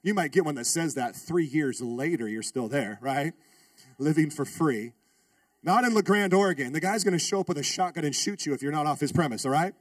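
Male pastor, storytelling sermon, lively and funny, high voice, dry off-mic sound. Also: fairly quick, breathy edge, no echo, distant mic. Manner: animated, humorous, calls out to the congregation.

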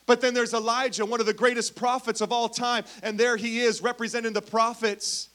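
A man preaching a sermon, telling Bible stories with animated emphasis and dropping to a hush, speaking directly to the congregation. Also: very high voice, brisk. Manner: animated storytelling, swings from loud emphasis to hushed. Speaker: pastor.

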